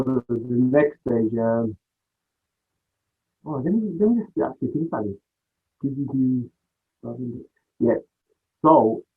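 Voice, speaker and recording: Husky man on a tinny line. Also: mid-range voice. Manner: rambling, acts out quoted dialogue. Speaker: podcast guest, music producer. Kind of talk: casual storytelling interview.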